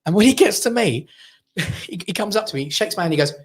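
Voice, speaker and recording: A man from England telling a lively personal story on a panel show, acting out what others said. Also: high voice, a little fast, slightly rough. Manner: animated anecdote teller, acts out quotes. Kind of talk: casual chat, storytelling.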